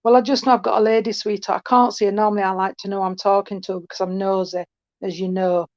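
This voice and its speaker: A woman's voice: mid-range voice, level tone, fast, a little mellow, no room sound. A woman giving an online mediumship reading, chatty and affectionate, calling people sweetheart. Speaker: spiritualist medium. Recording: dull, dry call audio.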